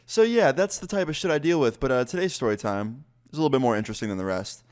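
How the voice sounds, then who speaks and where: A man in his twenties telling a casual story-time vlog, animated and swearing freely. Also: mid-range voice, fast talker. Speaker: YouTuber.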